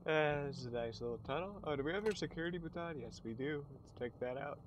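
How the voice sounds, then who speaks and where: A man's voice: fairly high pitch, lively intonation, fast talker. A man hosting a gaming channel, talking through a game in a casual let's-play commentary with crude, sarcastic jokes. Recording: noisy background.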